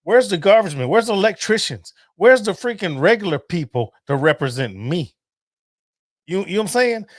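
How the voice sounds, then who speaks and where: A man in his fifties hosting a casual podcast, animated and joking, swearing freely and laughing often. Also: high voice, normal speed, no room sound, studio quality. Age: 50s. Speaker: podcast host. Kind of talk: casual livestream podcast chat.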